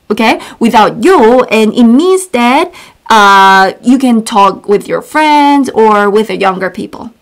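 A woman with a Korean accent, teaching a casual online language lesson, bubbly and repeating words slowly for learners. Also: on the high side.

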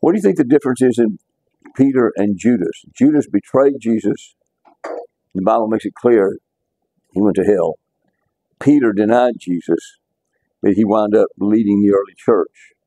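A man's voice: lowish voice, normal speed, long pauses, mellow, no room sound. A man teaching a casual Bible class, talking conversationally and repeating words as he restarts his sentences.

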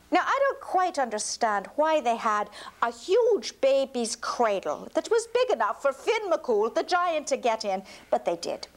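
A woman's voice: high voice, sing-song, unhurried, hardly any pauses. A woman telling a folk tale aloud to a child, slipping into whispers for suspense. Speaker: storyteller.

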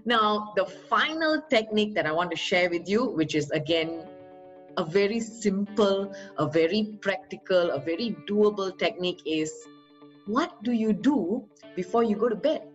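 A woman's voice: mid-range voice, rough recording. A woman giving a motivational talk as a trainer, upbeat and coaxing, with rhetorical questions to her listeners.

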